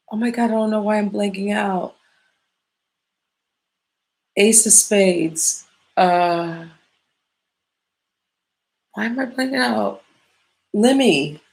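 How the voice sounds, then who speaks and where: Midwest woman, slow gravelly voice, rambly casual podcast talk, lots of swearing and trailing off. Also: lowish voice, darkish tone. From Midwestern United States. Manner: rambling, profane, often loses her train of thought. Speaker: podcast host. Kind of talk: casual chat.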